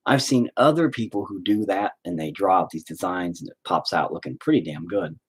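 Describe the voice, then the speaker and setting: A man's voice: sits low, brisk, breathy edge. A man vlogging about his own art in a rambling, sarcastic, self-mocking way, swearing often. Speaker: artist vlogger. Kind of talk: casual self-deprecating vlog.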